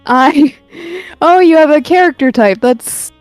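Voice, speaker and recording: Slow, laid-back woman artist chatting on stream, dry close mic. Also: sits high, no room sound, faint music behind. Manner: slow, relaxed, rambling with ums and swearing. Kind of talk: casual chat while drawing.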